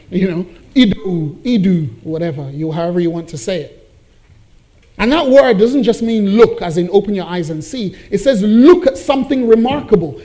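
High, mellow-voiced male preacher. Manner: emphatic preaching that builds in force on key phrases. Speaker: pastor. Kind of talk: sermon.

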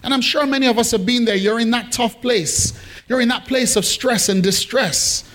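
A man's voice: extremely high pitch, normal speed, fairly bright tone. A man preaching a sermon to his congregation, playful and teasing, with lots of questions to the room. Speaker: pastor. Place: church hall with congregation.

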